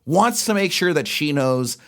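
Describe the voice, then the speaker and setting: A man co-hosting a film podcast, recapping the plot at length in a relaxed, casual chat. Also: fairly high pitch, normal speed. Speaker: podcast co-host.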